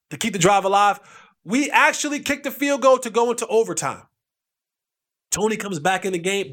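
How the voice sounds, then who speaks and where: Casting note: man, fairly high voice with a wide, bouncing pitch, podcast host spinning an emphatic sports tale. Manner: lively, emphatic, acts out quotes with repeated phrases. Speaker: podcast host, former football player. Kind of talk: animated storytelling.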